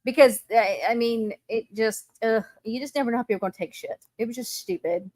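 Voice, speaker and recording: A woman's voice: a little high, brisk, a little mellow, no echo. A woman co-hosting a casual recap chat, blunt and sarcastic. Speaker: podcast co-host.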